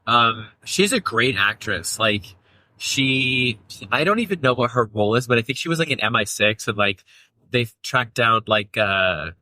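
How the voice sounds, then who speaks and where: A man's voice: medium pitch, lively intonation, normal speed, sharp tone, no echo, rough recording. A man co-hosting a podcast from a car, chatting casually and rambling with lots of fillers. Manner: rambling, filler-heavy, playful. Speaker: podcast co-host. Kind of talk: casual chat.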